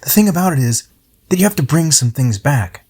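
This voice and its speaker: A middle-aged man reading his own poem aloud, reflective and unhurried as he tells a story. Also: fairly high pitch, animated, darkish tone, slightly rough. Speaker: poet.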